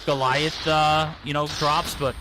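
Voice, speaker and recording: A man giving esports play-by-play commentary with quick, excited calls on a headset mic. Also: on the high side, noisy background. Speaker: esports caster. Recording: game sound effects under the voice.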